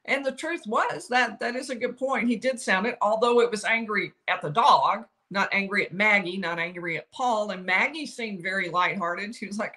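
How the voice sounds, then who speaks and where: A woman, older, giving solo legal commentary, explaining each side's arguments and quoting lawyers with animated emphasis. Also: mid-range voice, moderate pace, hardly any pauses.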